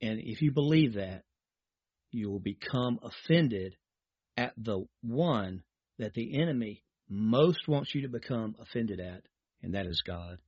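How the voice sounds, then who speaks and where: A man's voice: lowish voice, animated, a little slow, husky, no echo, dull audio. A man preaching a sermon, reading scripture aloud and then speaking straight to his listeners.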